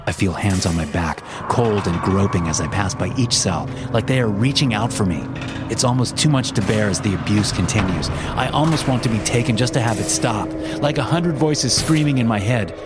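A man narrating a first-person horror story in a tense, measured way. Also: fairly low pitch, lively intonation, over loud music.

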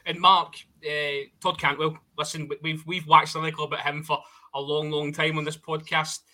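Man, podcast host, very bright sharp voice, brisk, slightly high. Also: level tone. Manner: brisk, steers the conversation. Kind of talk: football podcast hosting.

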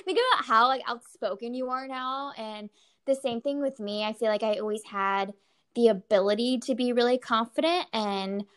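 A woman's voice: on the high side, normal speed, clear, resonant tone. A woman in her thirties, co-hosting a casual chat, telling stories animatedly and laughing often. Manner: animated, laughs often, filler-heavy storytelling. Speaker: podcast co-host.

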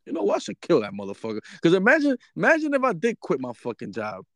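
A man co-hosting an uncensored podcast, telling stories in loud, profane banter. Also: high-pitched, fast, vocal fry, no echo. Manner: animated, profane storytelling. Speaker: podcast co-host.

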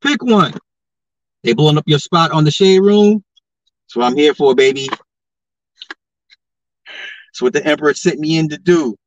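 A man on his podcast rants through social commentary, stacking one rhetorical question on another and jumping up in pitch when he gets heated. His voice sits fairly high for a man. It is recorded dry and sounds dull and lo-fi. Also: normal speed, pauses often, dry recording. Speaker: podcast host.

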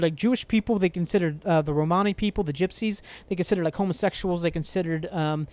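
With no room sound on the recording, a young man's high, slightly mellow voice carries his solo podcast. He rambles through an angry, swear-laden rant, sighing frequently and restarting often.

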